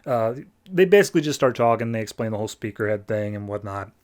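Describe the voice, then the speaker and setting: A man's voice: on the low side, expressive, fast talker, a little mellow. A man hosting a podcast, recapping a story in a loose, rambling way. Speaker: podcast host. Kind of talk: casual comic recap.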